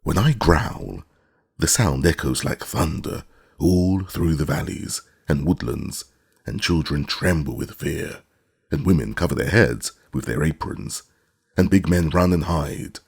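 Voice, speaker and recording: A man's voice: extremely low pitch, unhurried, gravelly, a little mellow, breathy edge, heavily acted. A man voicing a boastful, good-natured beast in an audiobook, talking with proud self-importance. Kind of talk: audiobook character reading.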